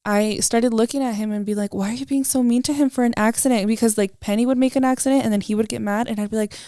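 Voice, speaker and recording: A woman's voice: fairly high pitch, steady tone, fast talker, dark tone, no echo, clean studio sound. A woman co-hosting a podcast, chatting casually about being a mother and slipping into Spanish phrases mid-sentence. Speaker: podcast co-host; mother of a toddler. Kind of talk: casual chat.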